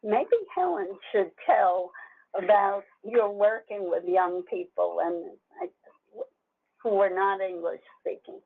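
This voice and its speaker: Woman host, measured and reflective, husky tone on a phone line. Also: mid-range voice. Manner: slow, thoughtful. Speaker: webinar host. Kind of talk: reflective talk.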